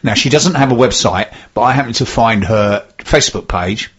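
A man's voice: mid-range voice, moderate pace, breathy edge. A man hosting a radio show, reading listener messages with dry, wry banter. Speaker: radio host. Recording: dull lo-fi radio sound.

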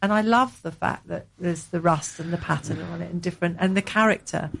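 A woman with an Essex accent hosting a casual chat, brisk and full of questions. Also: fairly low pitch, vocal fry, slight background noise.

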